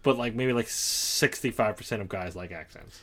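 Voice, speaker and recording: A man's voice: on the low side, normal speed, a bit bright. A man co-hosting a podcast in casual chat, hesitant and circling back as he argues a point. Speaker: podcast co-host.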